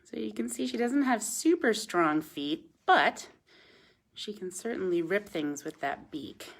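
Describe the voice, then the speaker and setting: A woman who teaches at a wildlife center, showing a bird's feeding on a live stream. She coos at the birds in a sing-song voice, explains calmly, and thanks viewers by reading out their comments. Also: mid-range voice, a little slow, creaky. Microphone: phone camera.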